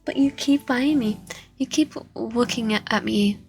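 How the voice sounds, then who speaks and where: A woman voicing a possessive, menacing young yandere boyfriend in a low, hushed, threatening whispered role-play. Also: measured pace, faint music behind. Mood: pleading.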